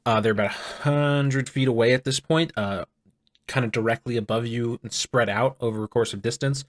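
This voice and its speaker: A man running a tabletop game as game master, narrating the scene in a relaxed way with frequent ums and uhs. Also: mid-range voice, a little fast, no room sound, studio quality.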